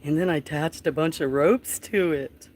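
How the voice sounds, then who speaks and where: A livestream host chatting casually with viewers, switching to soft baby talk and hushed whispers for a kitten, outdoors near home. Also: medium pitch, normal speed, a little hiss or hum. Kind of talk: casual live stream chat.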